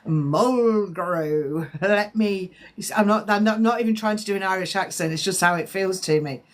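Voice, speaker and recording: A woman's voice: medium pitch, level tone, fairly quick, a little hiss or hum. A woman, a psychic medium, chatting and rambling through live-stream spiritual readings as she answers viewers' comments, sounding slightly congested.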